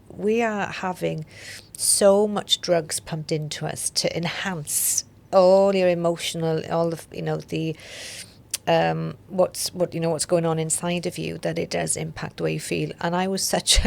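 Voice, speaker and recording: A woman's voice: lowish voice, creaky. A woman, a podcast guest, telling her story openly and reflectively. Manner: open, reflective, with soft laughs. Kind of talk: candid interview storytelling.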